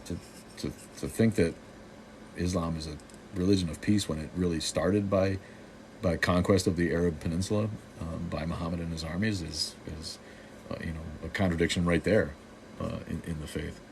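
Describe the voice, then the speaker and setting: A man with a very low, deep voice hosting a casual livestream and answering chat as it comes in. He rambles in a sardonic way and keeps restarting his sentences, with faint noise behind him. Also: a little mellow. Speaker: show host.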